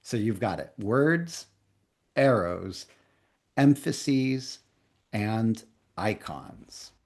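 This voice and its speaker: A man leading a live online coaching workshop, talking casually and playfully, then reading a definition slowly for note-taking. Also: lowish voice, animated, darkish tone. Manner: conversational, playful, reads slowly for dictation. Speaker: coaching trainer.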